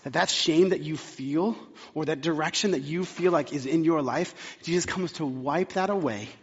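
A pastor preaching a sermon, talking conversationally and hammering points home with repetition. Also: male voice, fairly high pitch, moderate pace, slightly rough. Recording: long hall reverb, dull sound.

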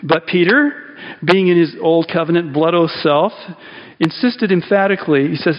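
A man preaching a sermon as pastor in a church, talking in a conversational, animated way with fillers and restarts. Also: a little high, normal speed. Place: church sanctuary. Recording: dull lo-fi sound in a reverberant hall.

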